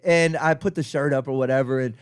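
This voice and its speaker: A Texan comedian and podcast co-host telling a crowd story from a show with plenty of laughing. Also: male voice, medium pitch, fairly quick, clean tone, dry recording, clean studio sound. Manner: laughing, lively anecdote teller. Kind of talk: casual chat, storytelling.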